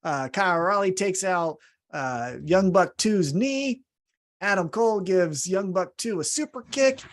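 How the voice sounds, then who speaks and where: Lively, animated man co-hosting a podcast. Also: sits high. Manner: animated storytelling, quick asides and self-corrections. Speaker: podcast co-host. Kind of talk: casual chat recapping wrestling shows.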